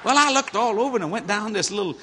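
A middle-aged man preaching a storytelling sermon, folksy and animated, laughing at his own stories. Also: high voice, quick pace.

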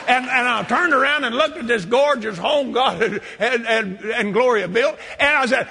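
An older man preaching a sermon, quoting scripture and telling a testimony, at times shouting praise. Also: very high voice, normal speed, creaky, few pauses, breathy edge, big-room sound.

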